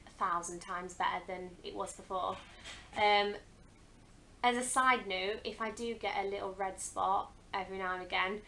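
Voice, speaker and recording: A woman's voice: medium pitch, pushed and bright, slight background noise, poor audio. A young woman talking casually to camera as a vlogger, chatty and earnest, with frequent hesitant ums. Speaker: beauty vlogger. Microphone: camera mic.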